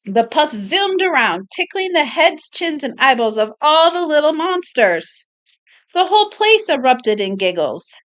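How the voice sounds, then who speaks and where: Slow, lively woman reading a picture book. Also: high-pitched. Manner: slow, expressive, doing voices and pointing out pictures. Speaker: storyteller reading to a child. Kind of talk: picture book read-aloud.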